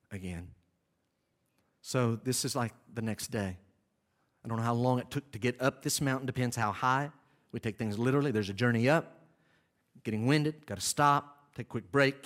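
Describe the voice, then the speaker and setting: A man teaching verse by verse from scripture, animated, moving between lively reading and quiet low asides. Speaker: Bible teacher.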